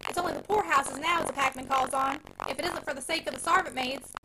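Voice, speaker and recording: A woman voicing a cheeky country packman who flatters in rustic dialect. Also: high-pitched, fast, over music, low-quality recording. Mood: wheedling. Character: sly flattering rural packman, cheeky young man.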